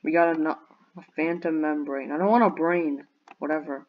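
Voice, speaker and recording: A woman's voice: low-pitched, moderate pace, highs cut off. Bubbly young woman gaming commentator. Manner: bubbly, excitable, squeals and shouts in surprise. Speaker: gaming YouTuber. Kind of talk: casual game commentary.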